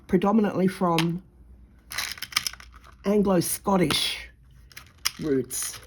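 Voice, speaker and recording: A middle-aged Australian woman, a jewellery maker and vlogger, chats casually to camera while making jewellery, her manner blunt, sarcastic and mocking. Her voice is on the low side, with background noise.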